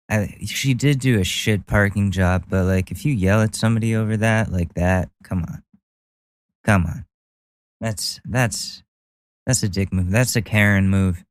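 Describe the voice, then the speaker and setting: Sarcastic male podcast host, low voice. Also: fairly even intonation, a little slow, long pauses, clean tone, dry recording, clean studio sound. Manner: sarcastic, mocking. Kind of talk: casual podcast commentary.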